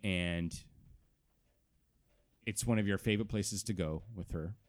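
A man narrating as game master of a tabletop game, telling the scene in an animated way and stretching out words. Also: low voice. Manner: animated storytelling, drawn-out words.

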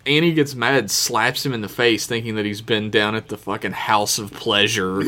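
A man co-hosting a podcast in casual, profane chat. He swears freely and acts out characters in quick asides while recapping. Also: fairly low pitch, steady tone, sharp tone. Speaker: podcast co-host recapping episodes.

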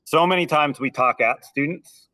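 A man's voice: on the high side, moderate pace, pushed and bright, dry recording, low-quality recording. A band director talking earnestly in an interview, explaining his teaching methods with an occasional "um.". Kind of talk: conversational interview.

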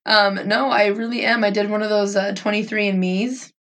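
A woman's voice: medium pitch, steady tone, normal speed, fairly bright tone, distant mic. A young adult woman co-hosting a casual chat, rambling with lots of fillers and frequent giggles.

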